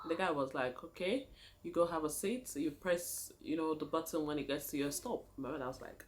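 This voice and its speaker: Lively Nigerian woman telling a story. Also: low-pitched, quick pace. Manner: animated, laughing often, addresses viewers as guys. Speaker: vlogger. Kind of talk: casual storytelling.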